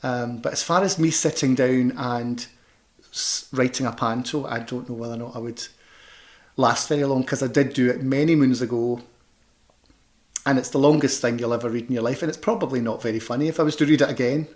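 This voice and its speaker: A man's voice: medium pitch, steady tone, brisk. Scottish guy, glasgow accent, rambling casual interview chat, lots of restarts. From Scotland. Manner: chatty, rambling, many restarts and fillers. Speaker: panto performer and director.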